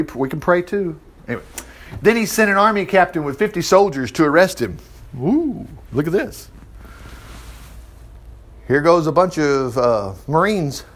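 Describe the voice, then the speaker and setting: A man's voice: a little high, a bit bright. A man teaching an informal Bible study, reading scripture aloud and breaking off into folksy, chuckling asides.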